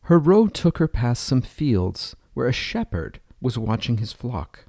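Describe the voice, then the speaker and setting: A man narrating a storybook tale in a steady, even way. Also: mid-range voice, a little slow, no room sound, studio quality.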